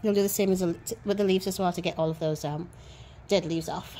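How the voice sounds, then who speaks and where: Filming her gardening vlog outdoors, a woman speaks a little fast with a lowish, dark voice and fairly even intonation, amid slight background noise. Her manner is chatty and playful; she teases herself and greets viewers as beautiful people.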